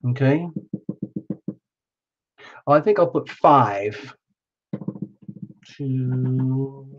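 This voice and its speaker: A man's voice: medium pitch, a little slow, a little mellow, faint music behind. A playful man chatting with his live viewers as he paints, narrating each step with frequent exclamations. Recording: dull lo-fi sound.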